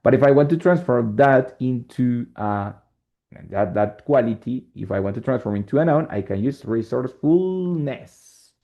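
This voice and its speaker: A man's voice: mid-range voice, moderate pace, gravelly. A man with a Spanish accent teaching an English lesson in a classroom, explaining step by step and often checking with "right?". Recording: dull lo-fi classroom recording.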